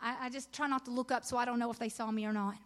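In a sermon at a women's conference, a middle-aged woman races along with a voice on the high side. She sounds earnest and encouraging, and scripture readings push her into excited emphasis.

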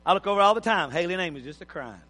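A man's voice: sits high, animated, very fast, pushed and bright. A middle-aged man preaching a sermon in a folksy, joking, plain-spoken way. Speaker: pastor. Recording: hall reverb.

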